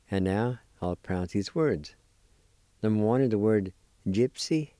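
A man's voice: lowish voice, lively intonation, a little slow, dark tone, no room sound. A man hosting a radio language lesson, carefully spelling and pronouncing words for his listeners and encouraging them. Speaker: language teacher and show host.

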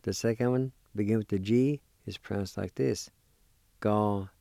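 A man gives a patient vocabulary lesson, spelling each word letter by letter and saying it slowly. His voice sits a bit low, with a warm, mellow tone. The recording is close and dry. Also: vocal fry, dry recording. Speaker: language teacher. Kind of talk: slow spelling and pronunciation lesson.

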